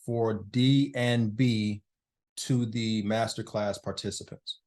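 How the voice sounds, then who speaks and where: A man's voice: lowish voice, steady tone, slow pace, a little mellow. A man hosting a casual live online business masterclass, chatting loosely with participants by name over a video call.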